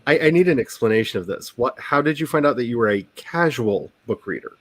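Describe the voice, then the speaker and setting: A man's voice: mid-range voice, animated, brisk, fairly bright tone, dry recording. A man hosting a writing livestream, chatting casually in a rambling, joking, self-deprecating way. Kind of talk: casual chat.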